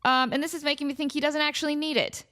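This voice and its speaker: A woman hosting a casual comedy podcast, animated and laughing often as she riffs and quotes her cat. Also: sits high, quick pace. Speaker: podcast host. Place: home in desert valley.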